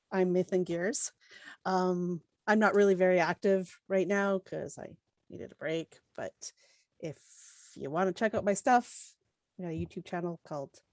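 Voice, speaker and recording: A woman's voice: on the low side, a little mellow, no room sound. Woman player joking around in her intro, dry close sound. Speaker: player and content creator. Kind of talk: casual stream intro.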